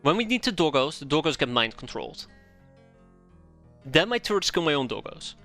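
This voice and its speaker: A man's voice: big pitch swings, moderate pace, pushed and bright, faint music behind. A man streaming a game live, giving exasperated commentary. He repeats himself, swears now and then, and his voice jumps up when something goes wrong. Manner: exasperated, complains aloud, voice jumps high when upset.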